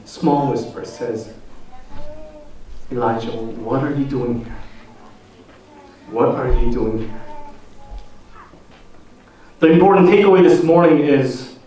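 Slow, deliberate preacher in an echoey hall. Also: male voice, on the high side, a little mellow, distant mic. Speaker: pastor. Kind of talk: sermon. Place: church sanctuary. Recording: echoey church hall, voice from off the mic.

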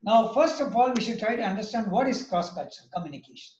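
A man's voice: sits high, expressive, fast talker, darkish tone, reverberant, dull audio. A man with an Indian English accent giving a lecture, emphatic and anecdotal, repeating his key points.

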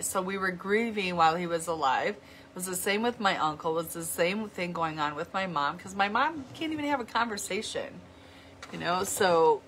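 A middle-aged woman talking to her viewers in an earnest, heartfelt way, often halting and restarting her sentences. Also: on the low side, fairly bright tone, slight background noise. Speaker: vlogger. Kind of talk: heartfelt casual talk to viewers.

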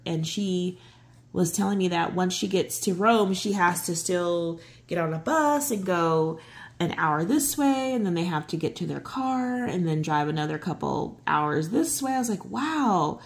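Woman, casual chat while coloring, rambling, excitable, lower pitch. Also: a little slow. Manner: rambling storytelling with many fillers and restarts; excitable, voice jumps high when giddy. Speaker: coloring channel host.

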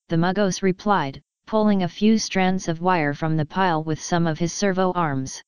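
A woman narrating a story in an even, steady way. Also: fairly low pitch, normal speed, hardly any pauses, smooth, dry recording, low-quality recording. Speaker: story reader. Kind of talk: scripted narration.

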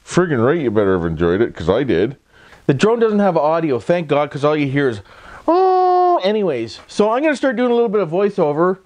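A man's voice: a little high, very animated, fast, a little mellow. A Canadian man with a Canadian accent doing a casual voice-over for his vlog, folksy and rambling, full of catchphrases and tag questions. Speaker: vlogger. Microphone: microphone put on for voice-over.

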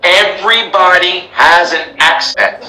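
A man's voice: sits high, measured pace, pushed and bright, reverberant, far from the mic, rough recording. An American man who teaches English, speaking emphatically in a live interview, repeating himself and addressing his followers. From United States. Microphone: laptop call.

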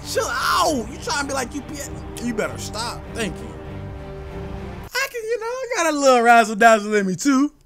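A young man from the American South with a Southern accent, giving loud, joking trash talk over an online game. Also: very high-pitched, gravelly. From southern United States. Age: young adult. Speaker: gaming YouTuber. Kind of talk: casual gaming commentary. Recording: music playing behind.

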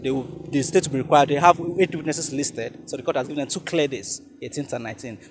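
A man's voice: mid-range voice, fast, few pauses. A man, a defense lawyer briefing reporters in formal legal language with hesitant restarts. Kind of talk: press briefing.

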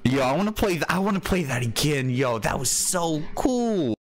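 A young man commentating a video game as he plays it, excitable and quick to yell when he fails. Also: a little high. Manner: excitable, yells and whines when failing. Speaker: gaming channel host. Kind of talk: live gameplay commentary.

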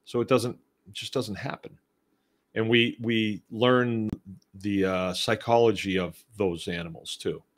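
A middle-aged man with a somewhat low voice hosts a homesteading show. He answers listener comments in a loose, rambling, conversational way, restarting his sentences as he goes. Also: fairly even intonation, measured pace. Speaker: homestead podcast host. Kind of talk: casual live-show talk reading listener comments.

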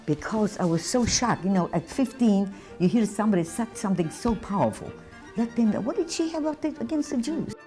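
An older woman giving emotional personal testimony as a Holocaust survivor, speaking in a halting, intense way. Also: mid-range voice, warm tone.

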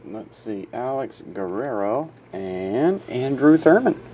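A man's voice: sing-song, slow, background noise. A sleepy man with a runny nose, casually reading out card names during a box break. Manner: reads out names in a low murmur, chatty asides.

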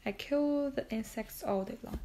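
Humble old telegraph man, earnest, a bit gravelly; woman reader. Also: on the high side, normal speed, mellow, a little hiss or hum, natural voice. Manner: earnest, plain-spoken. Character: older male telegraph keeper, humble, earnest. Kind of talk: audiobook character reading.

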